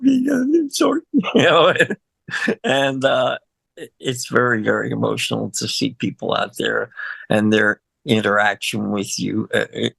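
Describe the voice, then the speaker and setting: Older male musician, heavy vocal fry, rambling emotional delivery, dry booth sound. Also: medium pitch, fairly bright tone, dry recording. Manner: rambling, emotional, laughs often, frequent fillers. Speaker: guest musician. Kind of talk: casual interview.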